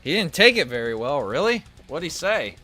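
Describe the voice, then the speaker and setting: A man's voice: fairly high pitch, big pitch swings, normal speed, pushed and bright, soft background music. A man streaming a retro shooter, chatting casually with viewers and cursing freely as he plays. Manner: swears freely, talks to chat between kills. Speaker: gaming streamer. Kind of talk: casual gameplay commentary.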